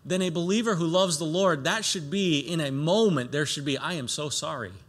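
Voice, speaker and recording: A pastor preaching a sermon, reading scripture aloud and explaining it earnestly, with emphatic raised lines and soft low asides. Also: male voice, fairly quick.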